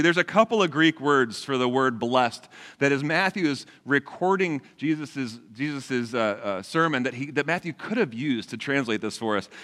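A man's voice: fairly high pitch, a bit bright. A man in his forties preaching a sermon in a conversational way, asking the congregation questions. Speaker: pastor. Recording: long hall reverb.

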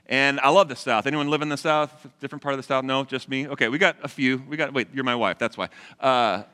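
A man's voice: mid-range voice, steady tone, quick pace, pushed and bright, smooth. A man in his forties preaching a sermon in a conversational way, asking the congregation questions. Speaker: pastor. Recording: long hall reverb.

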